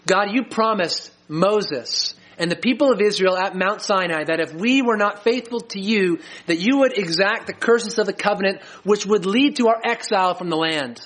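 A middle-aged man preaching a sermon as a pastor, earnest and slowing down to stress key lines. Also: high voice, a bit bright. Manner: earnest, slows for emphasis.

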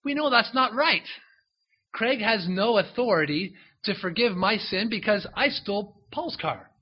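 A man delivers a sermon in a relaxed, storytelling way, as if talking straight to his listeners and drawing them in with asides. His voice sits a little high with a husky, breathy edge. The recording sounds dull and lo-fi. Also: measured pace. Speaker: preacher. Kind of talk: sermon, retelling a Bible story.

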